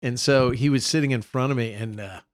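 A man's voice: medium pitch, brisk. A man, co-hosting a casual podcast, telling joking stories and mimicking colleagues. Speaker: podcast co-host and state senator.

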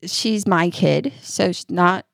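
A woman co-hosting a casual parenting podcast, telling animated stories and acting out how she soothes her child. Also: fairly low pitch, takes it slowly, gravelly, no room sound, clean studio sound. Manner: animated storyteller, acts out soothing lines, laughs often. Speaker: podcast co-host.

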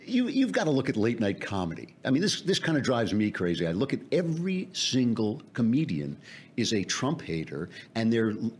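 A man appearing as a guest in a casual political chat, laughing often and talking in an animated way. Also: medium pitch, moderate pace.

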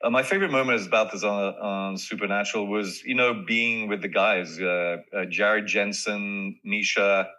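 A man being interviewed as an actor, talking in a casual, animated way and often laughing and restarting his sentences. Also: on the low side, moderate pace, hardly any pauses, rough recording. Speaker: actor guest.

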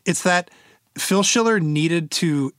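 A man co-hosting a tech news podcast in casual chat, wry and sighing, slowing down to stress his points. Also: a little high, fairly bright tone, no echo. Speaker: podcast co-host.

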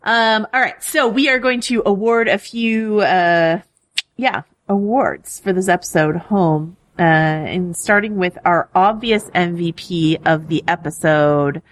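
A woman's voice: fairly low pitch, unhurried, no echo. A woman co-hosting a casual TV podcast, chatty and upbeat, laughing often between points. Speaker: podcast co-host. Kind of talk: casual pop-culture podcast chat.

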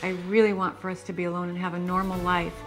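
A middle-aged woman speaks as a frustrated mother on a talk show, stressing her words. Her voice sits fairly low. Music plays clearly behind her. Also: flat delivery, fast. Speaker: guest, mother.

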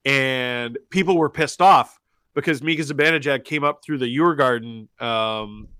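Animated podcast host. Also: male voice, medium pitch, clear, resonant tone, no echo. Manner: animated, quick storytelling. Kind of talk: casual podcast chat. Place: remote from abroad, on a delay.

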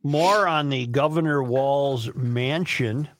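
A male radio host reading headlines aloud, spelling out details in an unhurried way. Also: medium pitch, a little hiss or hum. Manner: unhurried, dictates text word by word. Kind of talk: reading show headlines on air.

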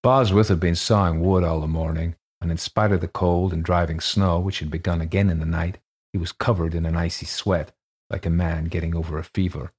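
Audiobook narration: male reader, deep pitch, husky voice, measured ghost-story telling. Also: steady tone, a little mellow.

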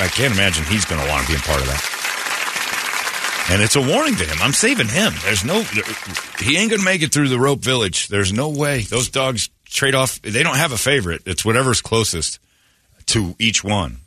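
A man's voice: lowish voice, sharp tone, husky, no room sound, studio quality. A man hosting a morning radio show, telling rambling, joking stories in casual banter.

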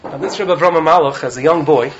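A man giving an animated Torah talk as a rabbi in a study hall, often asking "right?" to his listeners. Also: a little high, fast talker, highs cut off. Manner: animated, keeps checking in with "right?". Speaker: rabbi teaching in a yeshiva.

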